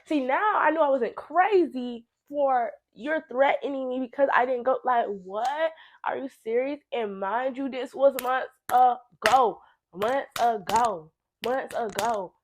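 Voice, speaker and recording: A young woman telling a messy personal story to camera, animated and blunt, swearing freely and repeating phrases for emphasis. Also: sits high, measured pace. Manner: animated, blunt and heavily profane, with laughing asides. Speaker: storytime vlogger. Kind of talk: casual storytime monologue.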